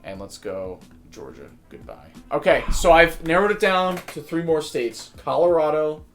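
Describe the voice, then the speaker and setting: A young man from New Jersey hosting a casual chat, joking about himself in animated banter. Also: on the high side, normal speed, soft background music. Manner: animated, self-deprecating banter. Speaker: podcast host.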